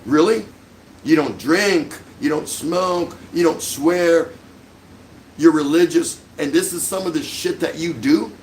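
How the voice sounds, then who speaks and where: A man's voice: on the high side, measured pace, slight background noise, poor audio. A middle-aged man hosting a livestream, delivering an angry, sarcastic rant full of insults. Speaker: livestream host.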